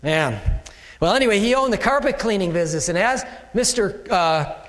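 A male pastor preaching a sermon in a conversational, animated way, checking in with "okay" and "all right". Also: sits high, moderate pace, long reverb tail.

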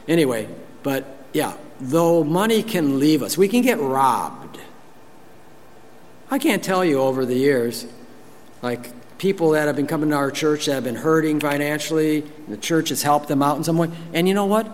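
A man preaching a sermon as pastor, animated, acting out quotes in raised voices and laughing now and then. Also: on the high side, normal speed, in a large hall, a little hiss or hum. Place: church.

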